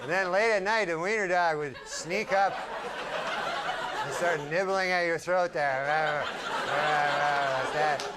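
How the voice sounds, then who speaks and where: A man doing a stand-up comedy set, talking in a drawling, deadpan way with rambling asides. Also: on the high side, slow, pauses often. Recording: live club set with loud crowd and noise. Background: audience laughter.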